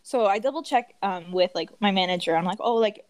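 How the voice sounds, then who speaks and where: A woman's voice: on the low side, animated, a little fast, no room sound. A young woman co-hosting a podcast, chatting casually and acting out customers in quoted voices, with lots of "like" fillers. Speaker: podcast co-host. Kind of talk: casual chat.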